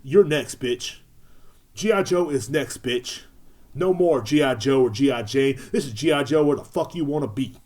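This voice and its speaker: A man playing a self-righteous, foul-mouthed adult man in a loud, repetitive satirical rant. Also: mid-range voice, moderate pace, lightly acted. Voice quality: loud, emphatic, swearing, repetitive.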